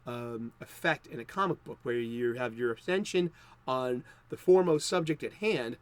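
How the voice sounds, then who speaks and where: A man's voice: mid-range voice, moderate pace, no echo. A man hosting a comics video, talking unscripted in a loose, rambling way. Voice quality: rambling, many fillers and restarts. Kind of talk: unscripted casual talk.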